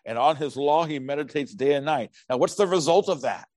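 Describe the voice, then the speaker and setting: A middle-aged man preaching a sermon, animated and humorous, acting out biblical characters as he tells their stories. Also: on the high side, fairly quick, no echo. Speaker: pastor.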